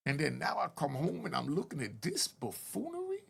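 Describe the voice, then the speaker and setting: Gravelly older New man pleading. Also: fairly high pitch, huge pitch swings, a little fast, hardly any pauses. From Harlem, New York. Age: 60s. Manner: earnest, pleading, street-style talk with rising emphatic peaks. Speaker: channel host telling prison stories. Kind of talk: direct-to-camera commentary.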